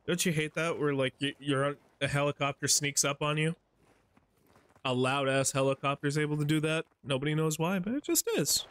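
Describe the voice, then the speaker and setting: A man's voice: fairly high pitch, fairly quick, a bit bright, smooth, no echo. A man streaming a shooter game, giving joking, profane running commentary as he plays. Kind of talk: casual gaming commentary.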